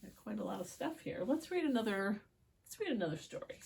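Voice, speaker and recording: A woman's voice: mid-range voice, sing-song, brisk, gravelly, darkish tone, slight background noise. A woman reading picture books aloud to children, with chatty asides and questions for the young viewers. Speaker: children's story time reader.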